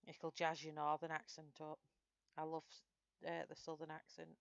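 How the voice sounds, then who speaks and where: A woman's voice: low-pitched, completely flat delivery, normal speed, vocal fry, smooth, dry recording, muffled recording. A woman with a Northern English accent, chatting through a live colouring tutorial and answering viewers' comments as she works. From Northern England. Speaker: streamer.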